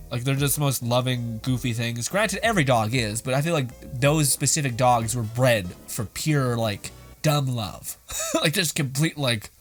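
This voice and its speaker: Animated young man swearing through reactions. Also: on the high side. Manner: laughs often, swears freely, rambling. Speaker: host reacting to videos. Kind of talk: casual reaction commentary.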